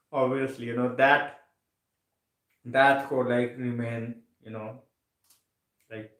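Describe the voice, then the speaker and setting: A man's voice: mid-range voice, fairly even intonation, drawn-out words, pauses often, fairly bright tone, reverberant, rough recording. A sleepy man hosting a late-night live stream, chatting casually, yawning, full of fillers and repeated phrases. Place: home room, late at night.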